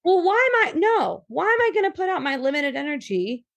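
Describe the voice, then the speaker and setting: Animated New York woman in her thirties. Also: high-pitched, fairly quick, gravelly. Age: 30s. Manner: animated, talks in bursts with restarts and quoted asides. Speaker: guest. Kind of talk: casual podcast interview.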